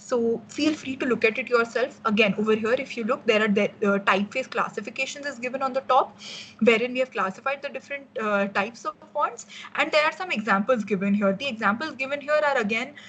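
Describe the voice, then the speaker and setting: A woman's voice: on the high side, fairly quick, a bit bright, slight background noise, rough recording. A young woman with an Indian English accent, giving a casual workshop lecture on design as a mentor, explaining with frequent fillers and restarts.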